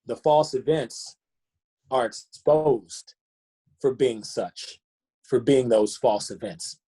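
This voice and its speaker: A man's voice: mid-range voice, slow, mellow, slightly rough. A man, a fitness coach, giving a motivational talk over a video call, earnest and fond of rhetorical questions.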